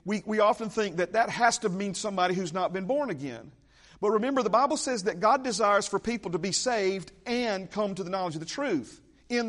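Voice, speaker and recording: Man, pastor, sermon, emphatic, repeats key lines, slightly high voice. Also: fairly bright tone. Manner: emphatic, repeats key phrases, asides to the congregation.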